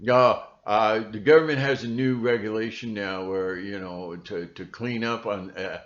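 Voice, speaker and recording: A man's voice: on the low side, fairly even intonation, moderate pace, lo-fi sound. A male video blogger ranting casually to camera, rambling and sarcastic, full of fillers and restarts.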